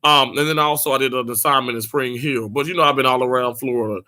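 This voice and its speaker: Bright, chatty man live-streaming. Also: medium pitch. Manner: chatty, animated, quick laughs, many restarts. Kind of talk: casual live-stream chat with viewers.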